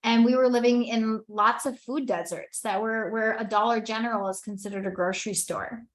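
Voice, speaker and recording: A woman's voice: fairly high pitch, fairly even intonation, normal speed. A woman in her thirties giving an earnest, conversational personal testimony as a wellness business presenter, with many "like" fillers.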